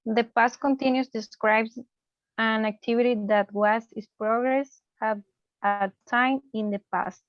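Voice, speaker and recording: A woman student in an English class, slowly and carefully reading a grammar chart aloud. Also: on the high side, steady tone, dry recording, lo-fi sound.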